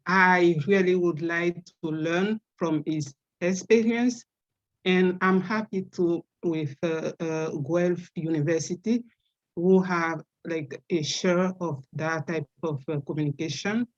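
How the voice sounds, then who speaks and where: A speaker with a strong French accent talks slowly on a video call, often pausing on fillers and restarting phrases. The sound is dull and lo-fi, as if the top end were cut off. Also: medium pitch, steady tone. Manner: halting, with many fillers and restarts. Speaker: webinar participant. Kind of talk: casual spoken remarks.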